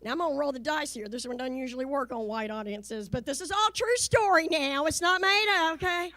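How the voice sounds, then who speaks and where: On stage, a middle-aged woman from the American South delivers an energetic comedy routine in her Southern accent, imitating the people she quotes. She speaks fairly quickly in a high register.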